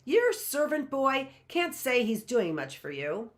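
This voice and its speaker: A woman's voice: a little high, big pitch swings, takes it slowly, voice pushed up. Woman reading as a sly young lady, sweet, demure, cool underneath. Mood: coy.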